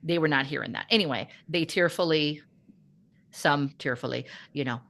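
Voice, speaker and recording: Music teacher lady chatting on a podcast, lowish voice, acts out everyone in the story. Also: moderate pace, creaky, a bit bright. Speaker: podcast host. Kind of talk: casual chat.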